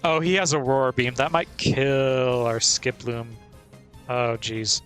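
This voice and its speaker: A man's voice: mid-range voice, fairly even intonation, slow pace, fairly bright tone, soft background music. A man streaming a video game, chatting casually and playfully and laughing often. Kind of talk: casual gameplay commentary.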